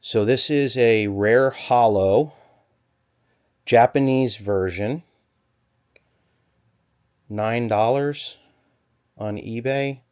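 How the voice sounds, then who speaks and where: A man vlogging from a storage locker, rambling and thinking aloud in an excited stop-start way, a little out of breath. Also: mid-range voice, extremely slow, pauses often, smooth. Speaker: storage unit reseller. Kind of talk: excited unboxing vlog.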